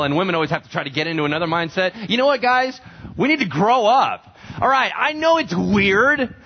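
A man's voice: fairly high pitch, breathy edge. A man preaching a sermon as a pastor, talking conversationally and asking the congregation questions. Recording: dull lo-fi recording.

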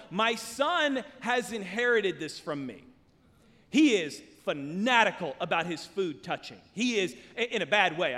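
High-voiced pastor in a reverberant hall. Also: male voice. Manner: storytelling, animated and conversational. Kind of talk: sermon. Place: church.

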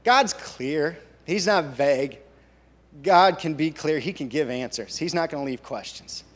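A man, a church elder, giving a halting, earnest personal testimony to his congregation. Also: a little high. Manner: halting, earnest storytelling with many restarts. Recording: long reverb of a large hall.

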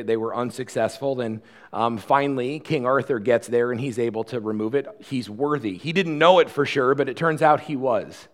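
A man preaching a sermon in a conversational style, swinging from loud, fast passages to quiet, slow ones. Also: medium pitch. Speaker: pastor.

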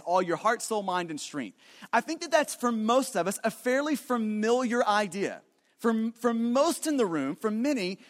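A man's voice: high-pitched, a bit bright, long reverb tail. A man preaching a sermon as pastor, emphatic and repetitive, often restarting his phrases.

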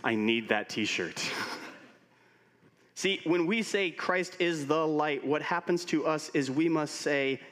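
Pastor preaching in a reverberant hall. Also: male voice, a little high, slow pace. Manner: animated storytelling with humor. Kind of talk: sermon. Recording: long reverb of a large hall.

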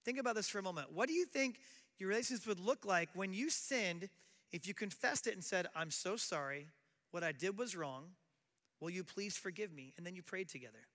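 Middle-aged male pastor, high bright voice, chatty sermon, long hall reverb. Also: lively intonation, brisk. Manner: conversational preaching with acted quotes.

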